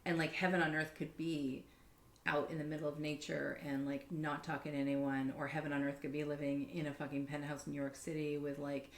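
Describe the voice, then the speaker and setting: A woman's voice: low-pitched, level tone, fairly quick, echoey room. A woman in a casual podcast conversation, telling stories animatedly and swearing freely, with many fillers.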